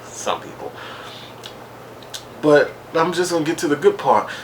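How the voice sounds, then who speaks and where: A man's voice: fairly high pitch, fairly quick, slight background noise. A man giving a casual solo recap of a reality show, rambling and sarcastic, full of asides. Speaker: podcast reviewer.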